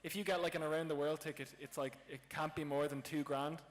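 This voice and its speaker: A man's voice: a little high, fairly even intonation, fairly quick. An Irish man answering questions as a panelist at a live convention panel, eager and joking. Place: large convention hall. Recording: reverberant convention hall.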